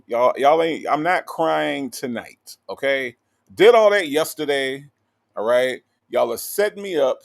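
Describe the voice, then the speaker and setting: A man runs a relaxed livestream, greeting viewers and reading their comments aloud. He talks in an animated, teasing way, full of fillers, and keeps checking in with a quick "okay?". His voice sits at an ordinary pitch for a man. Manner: animated, playful, with lots of "okay?" tags and fillers. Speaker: livestream host.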